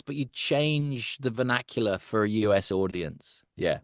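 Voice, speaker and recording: A man's voice: mid-range voice, expressive, a little slow, clean tone, dry recording. A middle-aged man chats easily in an interview, telling stories with lots of energy, laughing often and breaking into character voices. His voice sits in a mid register and is recorded close and dry. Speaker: voice actor, guest. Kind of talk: casual interview chat.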